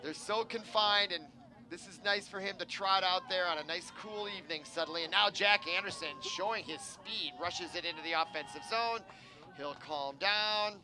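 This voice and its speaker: A man doing live play-by-play commentary at an outdoor game, chatty, with asides, and he gets louder on big plays. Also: high-pitched. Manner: chatty, rising excitement on plays, digressive asides. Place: outdoor sports field.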